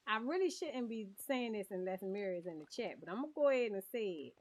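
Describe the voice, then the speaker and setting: An expressive, fast-talking woman with a mid-range voice streams a cozy game, chatting with her viewers and frequently laughing. Her stream audio sounds dull and lo-fi.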